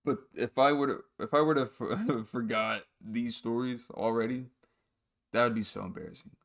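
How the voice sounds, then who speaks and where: A man's voice: mid-range voice, fairly even intonation, moderate pace. A young man hosting a podcast, telling funny stories in a rambling, casual way with fillers and restarts. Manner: rambling, laughs at his own stories, frequent fillers and restarts. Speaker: podcast host. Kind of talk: casual storytelling monologue.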